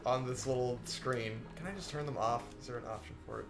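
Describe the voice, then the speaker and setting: A man's voice: medium pitch, brisk, reverberant, loud music behind the voice. A man co-hosting a casual gaming chat, wry and swearing freely. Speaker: co-host.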